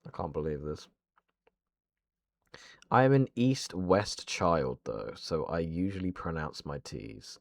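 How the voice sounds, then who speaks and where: A man's voice: low voice, animated, slow pace, creaky, pauses often, dry recording. A man with a southern English accent chatting casually and bantering with mock indignation on a gaming livestream. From southern England. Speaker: streamer. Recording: dry close mic with faint game music.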